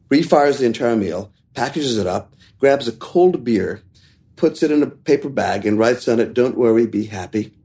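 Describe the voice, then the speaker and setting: A middle-aged man from India tells stories in a relaxed interview. He is animated and acts out other people's lines in a raised voice, with laughs between them. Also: lowish voice. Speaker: chef and restaurateur, guest. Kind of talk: casual storytelling interview.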